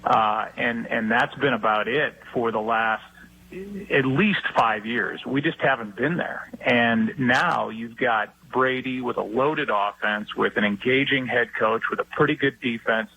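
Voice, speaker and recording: A middle-aged man, a sports broadcaster, telling stories and giving his view in a relaxed talk-show interview. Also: mid-range voice, a little slow, gravelly, husky, dull audio.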